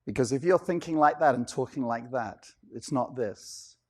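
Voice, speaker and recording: A man preaching a sermon, animated, firing off rhetorical questions and acting out characters. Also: mid-range voice, normal speed.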